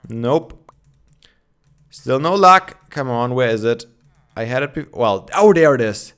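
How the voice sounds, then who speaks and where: A man's voice: mid-range voice, moderate pace, clear, resonant tone. A young man giving casual gameplay commentary, chatting and thinking aloud with many fillers, with his morning voice. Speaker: Minecraft let's player.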